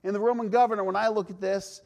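High-voiced pastor preaching, earnest, slows way down then speeds up, lots of questions. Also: male voice, fairly even intonation, gravelly, a little mellow. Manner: earnest, emphatic, varies pace, rhetorical questions. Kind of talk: sermon.

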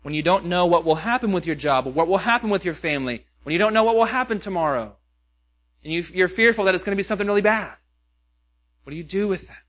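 A man's voice: high voice, expressive, quick pace, a bit bright. A pastor preaching a sermon, earnest and questioning, with many rhetorical questions to his listeners.

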